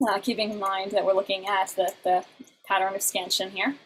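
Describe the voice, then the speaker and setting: A woman teaching an online class, explaining in halting bursts and now and then breaking into short sung examples. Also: medium pitch, flat delivery, a bit bright, breathy edge, low-quality recording.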